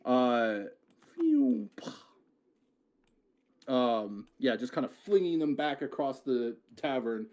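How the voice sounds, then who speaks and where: A man's voice: medium pitch, measured pace, few pauses, darkish tone. A man narrating a tabletop game as game master, casual, often swearing and correcting himself mid-sentence.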